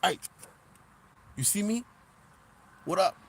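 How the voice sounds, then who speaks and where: A man's voice: high-pitched, animated, takes it slowly, gravelly, fairly bright tone, pitched above the performer's own voice, exaggerated voice. A man voicing a cocky, defiant male street cat that taunts him and refuses to come inside. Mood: taunting.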